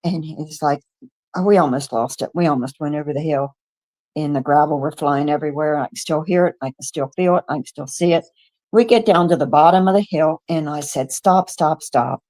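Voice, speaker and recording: A woman's voice: sits low, a little fast. Older woman telling a vivid first-hand story. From United States. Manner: animated storyteller who acts out quoted dialogue, with stumbles and restarts. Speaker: guest witness. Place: radio studio.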